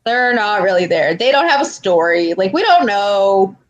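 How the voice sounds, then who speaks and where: Animated woman telling a story. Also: medium pitch, normal speed, muffled recording. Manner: animated storytelling, acts out quotes. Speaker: podcast co-host. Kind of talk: casual chat.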